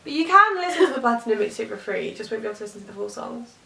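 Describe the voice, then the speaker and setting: A woman co-hosting a podcast, chatting casually with brisk, dry interjections. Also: fairly high pitch, sing-song, vocal fry, bright, forceful tone. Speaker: podcast co-host. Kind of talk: casual chat. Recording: echoey room, distant mic.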